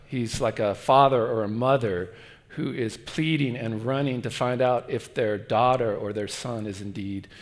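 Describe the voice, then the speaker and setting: Man preaching in a reverberant church. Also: mid-range voice. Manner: storytelling, shifts to hushed pleading tones. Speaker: guest preacher. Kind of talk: sermon.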